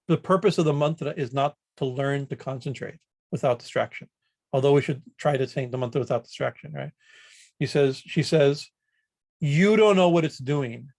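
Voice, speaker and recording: A man's voice: medium pitch, gravelly. A man, a swami, giving an informal scripture lecture over a video call, often checking in with "right?" and restarting his sentences. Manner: conversational, tags points with "right?", frequent restarts. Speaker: swami teaching a scripture class.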